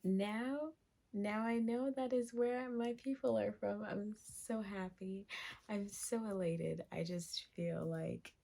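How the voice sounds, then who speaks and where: A woman vlogger in a casual, excited chat, reading her results aloud. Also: medium pitch, creaky. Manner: slow, excited and chatty, reads passages aloud.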